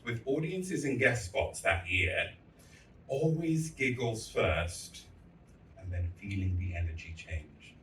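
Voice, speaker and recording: A man's voice: lowish voice, lively intonation, slow pace, fairly bright tone, a little hiss or hum. A man giving a candid, storytelling speech to fellow artists, with blunt and crude humor. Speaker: festival speaker. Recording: echoey hall, voice from far off.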